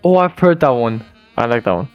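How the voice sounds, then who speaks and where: A podcast co-host delivering one-liners in a dry, deadpan way. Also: mid-range voice, fairly quick, muffled recording, soft background music. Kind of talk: casual podcast chat.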